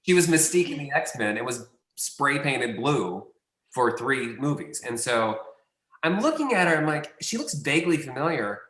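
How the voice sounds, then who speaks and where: A man's voice: mid-range voice, sing-song, moderate pace, fairly bright tone, reverberant. A man, a casting director guest, telling a long anecdote in a rambling, self-correcting way.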